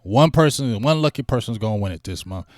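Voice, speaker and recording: A man's voice: mid-range voice, fairly quick, no room sound, clean studio sound. A man hosting a sports talk livestream, chatting casually in slang and hyping up donations to his viewers. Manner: animated, slangy, hypes donations. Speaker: sports talk show host.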